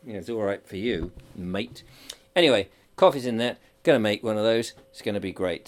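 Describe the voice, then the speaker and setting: A man's voice: lowish voice, expressive, brisk, a bit bright. A middle-aged man in a casual audio diary, rambling and chatty while he potters in his kitchen. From England. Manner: rambling, chatty, self-amused. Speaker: podcast host. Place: home kitchen by a stove.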